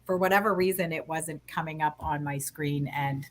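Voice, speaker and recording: A woman's voice: sits low, steady tone, normal speed, slight background noise. Flustered chatty woman hosting. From Canada. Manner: flustered, chatty, laughing, many fillers. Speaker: talk show host. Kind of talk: casual online show chat.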